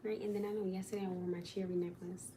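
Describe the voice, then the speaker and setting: A woman's voice: mid-range voice, flat delivery, fast, warm tone, a little hiss or hum. A woman casually chatting to viewers on a livestream, talking in an exasperated, chatty way to the people watching.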